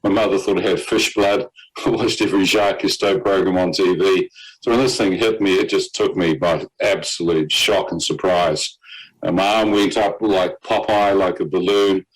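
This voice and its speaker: A man's voice: sits low, fairly even intonation, normal speed, rough recording. A man telling his own story as a testimony. He acts out the voices of the people he quotes and laughs between lines.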